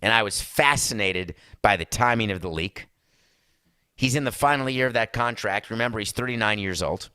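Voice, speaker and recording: A male podcast host with a bright, forceful voice talks in a sarcastic, rambling way and throws asides to his producer. The sound is dry and close, with no room echo. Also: on the low side, moderate pace, smooth. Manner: mock Italian accent in one brief bit. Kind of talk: opinionated sports and culture talk.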